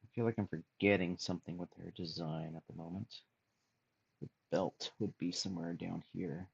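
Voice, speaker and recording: A man chatting casually on a drawing stream, musing aloud softly as he sketches. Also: low voice, fairly even intonation, normal speed, creaky, husky, dry recording, highs cut off. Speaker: streamer and artist. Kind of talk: casual chat while drawing.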